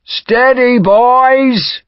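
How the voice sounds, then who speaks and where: A man's voice: very high voice, fairly even intonation, drawn-out words, clean tone, no room sound, dull audio, pitched above the performer's own voice, heavily acted. A man voicing an army officer who bellows rallying cries during a charge. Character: male army officer leading a bayonet charge.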